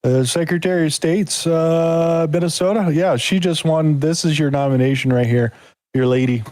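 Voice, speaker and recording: A man's voice: fairly high pitch, normal speed, a little mellow, no room sound, low-quality recording. A man hosting a live podcast, talking politics in a rambling, casual way with lots of fillers. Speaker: podcast host.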